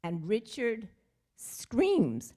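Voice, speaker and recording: An older woman sharing a family story at a synagogue service, speaking in a halting, heartfelt way with pauses and fillers. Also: fairly high pitch, huge pitch swings, mellow. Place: synagogue sanctuary.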